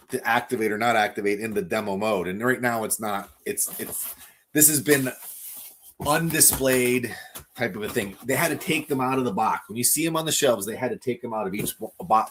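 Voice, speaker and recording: A man hosting a live toy unboxing stream, gushing with excitement and often stumbling over his words as he reads viewer comments. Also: mid-range voice, a little hiss or hum. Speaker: toy collector livestream host.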